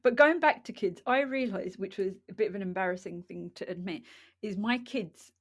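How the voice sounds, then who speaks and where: A woman's voice: medium pitch, moderate pace. A middle-aged woman from England co-hosting a casual podcast chat, telling family stories with frequent laughs. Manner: storytelling, laughs often. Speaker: podcast co-host.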